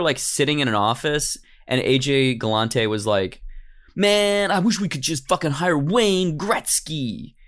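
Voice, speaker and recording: Male podcast host, mid-pitched, very lively intonation, casual animated storyteller. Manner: animated, acts out quotes in goofy voices.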